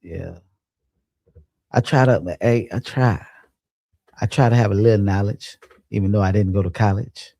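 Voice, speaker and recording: Young guy on a late night livestream, real low gravelly voice, super dark tone, rambly and chill. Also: steady tone, moderate pace, pauses often, dry recording. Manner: laid-back, rambling, laughs often. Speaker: livestream host. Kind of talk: casual livestream chat, reading comments.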